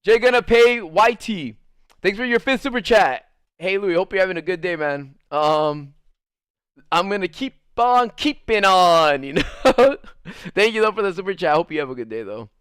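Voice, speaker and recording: A young adult man livestreaming, telling a rambling story to his chat in a casual, animated way full of "like" fillers. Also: sits high, moderate pace, clean tone, dry recording, clean studio sound.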